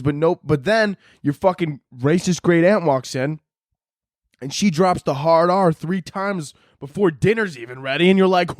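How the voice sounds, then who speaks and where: A man hosting a solo comedy podcast, ranting with lots of swearing and laughter, and jumping between high mock voices and low mutters. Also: no room sound, studio quality. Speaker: podcast host.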